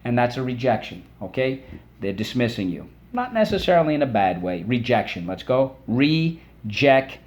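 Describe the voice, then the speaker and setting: A man teaching a phonics lesson for children, patient and encouraging, saying words aloud and pausing for the class to repeat them. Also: mid-range voice, big pitch swings, a little mellow. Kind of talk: phonics lesson with call-and-response drills.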